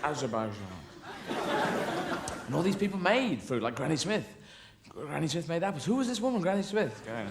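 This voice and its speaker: High-voiced rambling stand-up comedian. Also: male voice, sing-song, brisk. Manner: rambling, absurd, swearing, lots of voices. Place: stage at a live show. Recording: live show with loud background noise.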